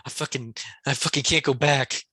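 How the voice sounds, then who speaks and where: A man's voice: medium pitch, fairly even intonation, normal speed, bright, forceful tone, breathy edge, no echo. A man co-hosting a podcast, trading crude, joking banter and slipping into mock voices. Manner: profane, jokey, slips into mock voices. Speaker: podcast co-host.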